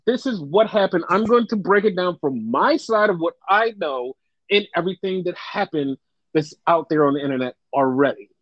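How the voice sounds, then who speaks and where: A man hosting a casual podcast chat, telling stories in a profane, animated way and putting on voices for the people he quotes. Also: high-pitched, moderate pace, no room sound, dull audio. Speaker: wrestling podcast host.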